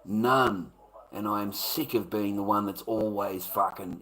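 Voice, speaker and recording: A man's voice: fairly low pitch, measured pace, fairly bright tone, low-quality recording. A man ranting casually to his chat, profane and repetitive, calling listeners mate and brother. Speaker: livestream host.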